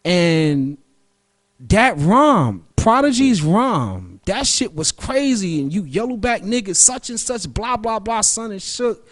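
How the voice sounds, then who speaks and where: A man with a notably high-pitched voice holds the mic alone on a radio show. His talk is loose street speech, heavy with profanity. He rambles and jumps from one topic to the next. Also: very animated, slow pace. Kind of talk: casual solo monologue.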